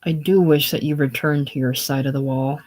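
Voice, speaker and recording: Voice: mid-range voice, fairly even intonation, moderate pace, a little mellow, natural voice. A reader voicing a tired, irritable young writer with a curt manner in a casual play reading. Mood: weary. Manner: curt, weary.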